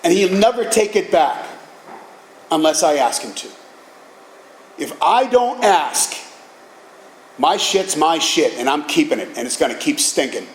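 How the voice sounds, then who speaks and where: A middle-aged man tells a personal story to a meeting crowd, lively and blunt, with a bit of cursing. His voice sits high for a man. It bounces around an echoey hall with a faint hum of ambience behind him. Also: a little slow, long pauses. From Boston area, USA. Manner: animated storytelling with casual profanity. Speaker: recovery meeting speaker.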